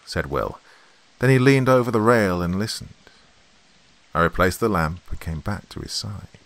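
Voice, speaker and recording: A man hosting a horror podcast, reading a classic tale in a measured, suspenseful way. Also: sits low, expressive. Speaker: horror story podcast host. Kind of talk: dramatic story reading.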